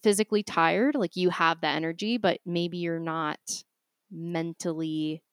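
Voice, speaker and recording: A woman's voice: fairly low pitch, steady tone, a little slow, dry recording, clean studio sound. A woman with a Boston accent co-hosting a casual podcast chat, giving practical nutrition advice with frequent laughs. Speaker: podcast co-host, nutrition coach.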